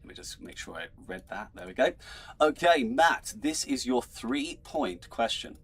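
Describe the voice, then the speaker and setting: A man's voice: mid-range voice, big pitch swings, a little slow, a little hiss or hum. A man hosting an online trivia show as quizmaster, chatty, laughing often and tripping over his words. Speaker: quizmaster host.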